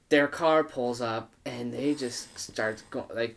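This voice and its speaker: A man's voice: normal speed, hardly any pauses. A young man, a podcast guest, telling a party story in casual chat, swearing and acting out quotes. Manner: animated, profane, acts out quotes with big pitch jumps.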